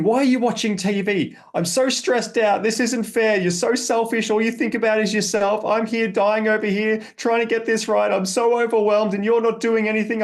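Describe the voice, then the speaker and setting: A man voicing a frazzled, sleepless young mother who fires off shrill, accusing complaints. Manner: shrill, rapid-fire complaints.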